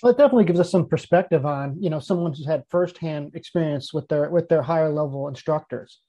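A man hosting a podcast, giving quick, affirming replies in casual interview chat, heard over dull remote audio. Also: on the high side, dark tone.

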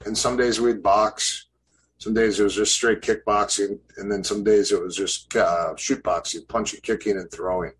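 A man's voice: lowish voice, fairly even intonation, normal speed, breathy edge, poor audio. A man in his fifties, a podcast guest, casually telling stories about his past training, rambling with fillers and restarts. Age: 50s. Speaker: podcast guest, grappling coach. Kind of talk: casual interview storytelling.

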